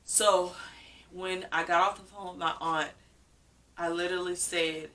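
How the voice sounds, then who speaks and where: A woman's voice: on the low side, steady tone, measured pace, a bit bright, distant mic. A woman vlogger telling a personal story in a casual, emotional way, often repeating herself. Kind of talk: casual story-time vlog.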